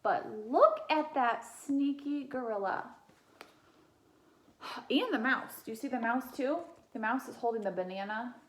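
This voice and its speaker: High-voiced woman reading a picture book. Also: unhurried. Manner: gentle, animated, asks children questions. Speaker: teacher reading aloud. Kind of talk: children's picture book read-aloud.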